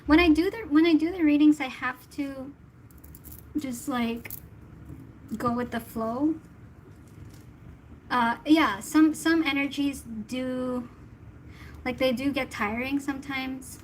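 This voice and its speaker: A woman's voice: high voice, fairly even intonation, slow, pauses often, a little hiss or hum, rough recording. A woman from the Philippines, a tarot reader chatting casually with her livestream viewers in a giggly, talkative way.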